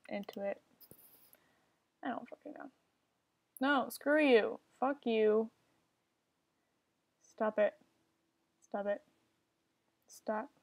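A woman's voice: a little high, lo-fi sound. A young woman giving casual commentary while playing an online game, often frustrated and swearing at other players. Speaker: gamer.

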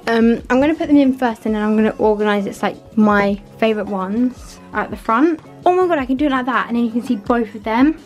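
Young woman, bedroom vlogger, bubbly rambling chat, slightly high, bit breathless. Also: brisk, few pauses, a little mellow, soft background music. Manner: chatty, rambling, fillers like "like" and "literally". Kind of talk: casual vlog chat. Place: her bedroom at home.

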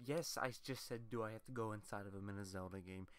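A man's voice: fairly low pitch, fast, a bit bright, clear, resonant tone. A young man commentating a video game let's play, rambling, swearing often and getting easily frustrated.

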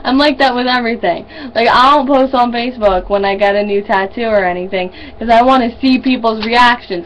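Young woman with a high voice chatting to her camera at home, animated, laughs a lot while telling a story. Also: a little hiss or hum, low-quality recording. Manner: animated, laughing storyteller who acts out quotes. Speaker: vlogger and student. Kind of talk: casual video diary. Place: indoors at home. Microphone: camera built-in mic.

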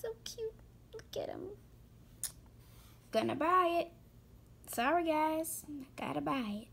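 High-pitched gamer girl, super gushy, lots of vocal fry, talks to her viewers. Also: takes it slowly. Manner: gushing, excitable, talks to viewers. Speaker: gaming vlogger. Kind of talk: casual game commentary.

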